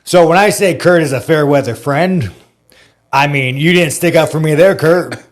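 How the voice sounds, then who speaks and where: A man's voice: on the high side, normal speed. A man telling a story in casual, profane podcast talk, rambling and filling his speech with "like". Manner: rambling, heavy use of "like" and swearing.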